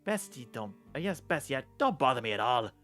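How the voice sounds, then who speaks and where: A man voicing a gruff old woman enchanter in a video game, with a drawling, creaky voice. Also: medium pitch, big pitch swings, fairly quick, a bit bright, faint music behind. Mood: irritated.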